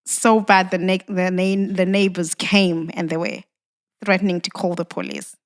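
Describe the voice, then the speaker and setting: A woman's voice: lowish voice, flat delivery, normal speed. Woman telling an emotional personal story. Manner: emotional storyteller, acts out dialogue, many "you know"s. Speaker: podcast guest.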